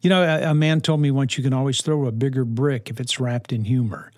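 A man giving parenting advice in a reflective, earnest talk, unhurried and touched with dry humor. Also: mid-range voice, fairly even intonation, a little mellow, no echo. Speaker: parenting speaker.

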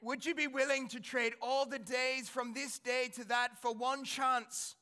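A man putting on a Scottish accent to play a male warrior leader rallying his troops, with a loud, drawn-out battle-cry delivery. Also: extremely high pitch, flat delivery, clear, resonant tone, voice pushed up, heavily acted. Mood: rousing. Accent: put-on Scottish. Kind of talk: sermon anecdote impression.

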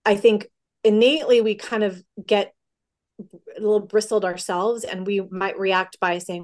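A woman's voice: medium pitch, level tone, darkish tone. A middle-aged woman giving parenting advice in a podcast conversation, often acting out what a parent and child might say. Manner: acts out parent-child dialogue with quick quoted voices. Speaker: parenting guest.

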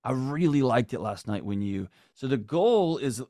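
A man's voice: medium pitch, lively intonation, normal speed, mellow, no room sound, studio quality. A middle-aged man talking earnestly and with emphasis on a podcast, acting out quoted lines as he goes. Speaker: guest. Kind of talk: conversational podcast talk.

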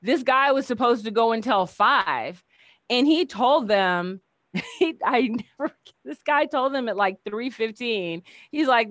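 A woman's voice: fairly high pitch, animated, brisk, a bit bright, no echo, studio quality. A woman speaker chatting casually as a guest, telling a story animatedly, acting out the dialogue and laughing often.

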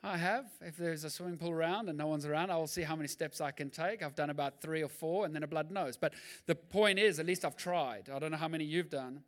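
A male pastor preaching a sermon in an animated, jokey way, acting out Bible scenes. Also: on the high side, fast talker, few pauses.

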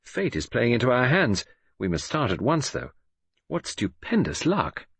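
An impulsive, excitable English sidekick, as a man reads him, blurting out exclamations. His voice is husky and lively, swinging widely in pitch, and it is recorded dry and close. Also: a little slow, no room sound, exaggerated voice. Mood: excited. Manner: hasty, exclamatory.

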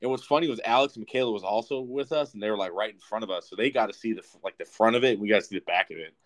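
Young male co-host, lower voice, swears freely, rambles through stories. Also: very fast. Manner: profane, rambling, animated. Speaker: podcast co-host. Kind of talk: casual storytelling.

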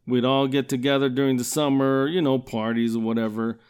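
A man's voice: mid-range voice, level tone, brisk, a little mellow, clear, resonant tone. A man hosting his own podcast, telling crude comic stories, swearing constantly and asking you know what I'm saying. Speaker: podcast host. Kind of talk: profane comedic storytelling.

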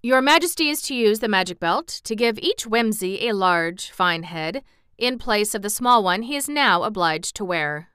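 A woman's voice: medium pitch, animated, moderate pace, a bit bright, smooth, dry recording, studio quality, close to an everyday voice. A woman reading as a boastful gnome general. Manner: proud, emphatic delivery. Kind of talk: storybook reading aloud.

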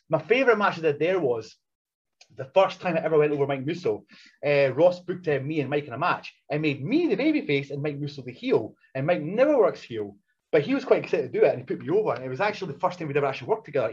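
A husky man tells backstage wrestling stories with lively, blunt energy, laughing often between anecdotes. His voice sits a bit higher than most men's. The recording is dull and lo-fi. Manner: animated anecdotes, frequent laughter, blunt swearing. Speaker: professional wrestler, guest. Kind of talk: casual storytelling interview.

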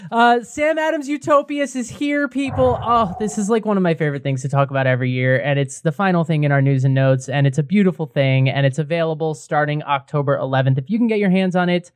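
Excitable male podcast co-host. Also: a little high, fast, hardly any pauses, no room sound. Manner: playful, excitable, jokey. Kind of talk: casual chat.

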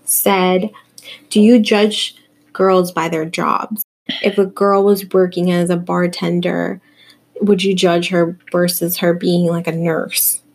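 A woman hosting a casual chat, asking questions and telling lively stories. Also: on the low side, takes it slowly, no echo. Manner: animated storyteller, leads with questions. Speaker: host.

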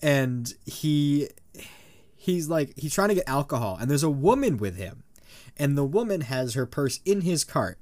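A man's voice: a little high, very animated, unhurried, a little mellow. A young man co-hosting a podcast, telling a rambling story full of fillers. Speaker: podcast co-host. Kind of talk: casual chat.

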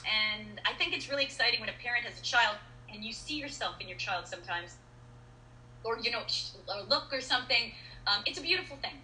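A middle-aged actress chatting as an interview guest, telling stories in an animated way with many restarts and fillers. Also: female voice, a little high, brisk, a little hiss or hum. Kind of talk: casual interview chat. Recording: roomy echo.

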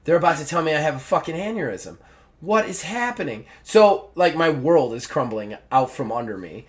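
Male podcast host, casual storyteller, acts out dialogue with a swooping pitch. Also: a little fast. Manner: animated storyteller acting out dialogue. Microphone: podcast mic.

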